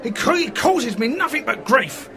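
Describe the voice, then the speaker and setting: A man's voice: very high-pitched, sing-song, moderate pace, loud music behind the voice, exaggerated voice. A man playing Sid, a shifty, scheming older man in a radio comedy, stammering and evasive as he talks. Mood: flustered. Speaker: sitcom character. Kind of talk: amateur radio comedy acting.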